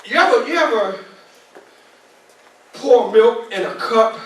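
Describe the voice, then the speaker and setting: A man's voice: high-pitched, measured pace, pauses often. A man in his sixties giving a motivational speech, preacher-like and repetitive, talking straight to the audience. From New York. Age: 60s. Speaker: motivational speaker. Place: club meeting hall. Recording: echoey hall, mic at a distance.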